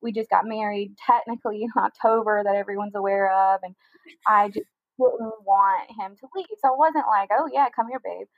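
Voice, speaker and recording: A young woman telling a personal story in a casual interview, talking quickly with lots of "like" fillers. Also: medium pitch, dry recording, phone-quality sound. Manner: fast chatty storytelling with many "like" fillers. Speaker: guest telling her story.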